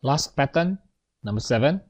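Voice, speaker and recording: A man's voice: medium pitch, animated, normal speed, low-quality recording. A man teaching an English grammar lesson, explaining step by step and checking in with his students.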